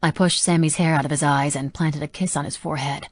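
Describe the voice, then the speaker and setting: A woman narrating a romance audiobook softly and intimately. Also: low-pitched, fairly even intonation, quick pace, dry recording. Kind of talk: scripted narration.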